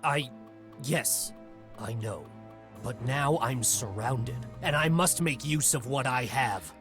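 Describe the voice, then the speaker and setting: Frail young zealot, Texan accent, lively pitch, fervent but wavering, game music. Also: male voice, slow. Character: frail young male religious zealot bomber.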